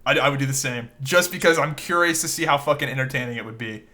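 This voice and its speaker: Excitable, bright-voiced podcast guy. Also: medium pitch, fast talker. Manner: profane, excitable, laughs often. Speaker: podcast co-host. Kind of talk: casual chat.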